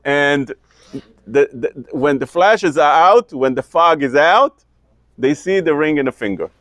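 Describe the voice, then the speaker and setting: Animated rabbi giving a Talmud lecture. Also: male voice, a little high, measured pace, dry recording, studio quality. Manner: animated, asks and answers his own questions. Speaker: rabbi teaching a kollel class.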